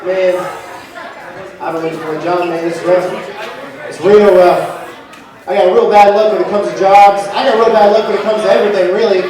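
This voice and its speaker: A young man with a high voice works a live crowd through a loose, profane, self-mocking stand-up set. He is heard from far off in an echoey room, with audience laughter around him. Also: fairly even intonation, brisk, pauses often. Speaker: stand-up comedian. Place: comedy venue in front of a live audience. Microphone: handheld microphone. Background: audience laughter and heckling.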